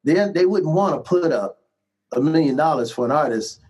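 Middle-aged guy musician telling stories, kinda high voice, lots of "man" and "right?". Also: moderate pace, poor audio. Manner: animated anecdotes with frequent laughs and repeated "man" and "right?". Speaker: musician guest. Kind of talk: casual storytelling interview.

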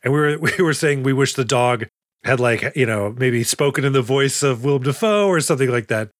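A man's voice: mid-range voice, brisk, no room sound, clean studio sound. A man co-hosting a movie podcast, chatting casually and jokily, acting out silly voices now and then. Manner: jokey, acts out silly voices for characters. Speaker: podcast co-host.

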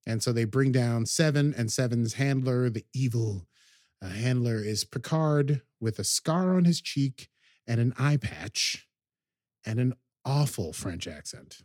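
Man, podcast host, casual recap, rambling, hesitant, lots of ums, mid pitch, dry close sound. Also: animated, a little slow, darkish tone, no echo.

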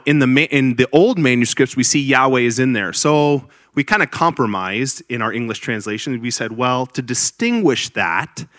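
A man's voice: medium pitch, a bit bright, dry recording, clean studio sound. A man preaching a sermon to a congregation, earnest and explanatory, with emphatic bursts and light teasing of his listeners.

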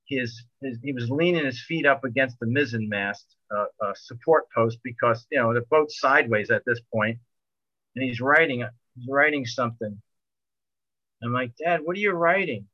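A middle-aged man telling a long boating story in a rambling, animated way, full of restarts. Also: mid-range voice, moderate pace, no room sound, lo-fi sound. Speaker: guest telling a sailing story. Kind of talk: casual storytelling.

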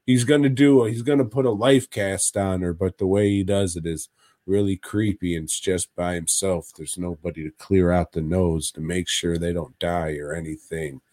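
A man's voice: deep voice, steady tone, normal speed, warm tone, no echo. A man co-hosting a podcast, recapping stories in a crude, rambling, casual way. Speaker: podcast co-host.

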